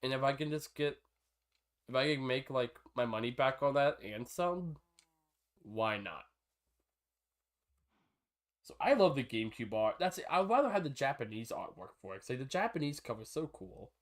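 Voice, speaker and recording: Chatty male streamer, rambling and excitable. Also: mid-range voice, normal speed, long pauses. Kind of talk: casual live-stream chat while gaming.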